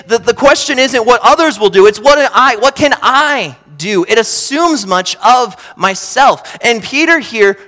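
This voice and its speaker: A man preaching a sermon, swinging between loud emphatic bursts and quiet low asides. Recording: long hall reverb.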